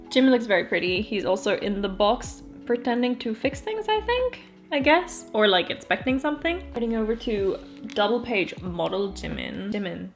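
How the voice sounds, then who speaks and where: Chatty young woman with giggly asides. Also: medium pitch. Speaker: vlogger. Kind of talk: casual album walkthrough.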